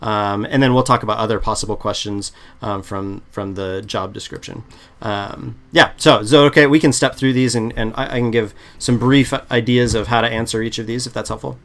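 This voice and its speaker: A man coaching on interview prep in a relaxed, chatty way, often restarting sentences, on a video call. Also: mid-range voice, brisk. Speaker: product management coach. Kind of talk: casual advice chat.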